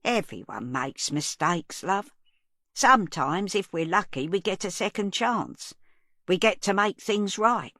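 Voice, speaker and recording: A woman's voice: medium pitch, animated, measured pace, bright, forceful tone, no room sound, studio quality, full character voice. A woman voicing a guileless, kindly older woman who chats homely and mild. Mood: gentle.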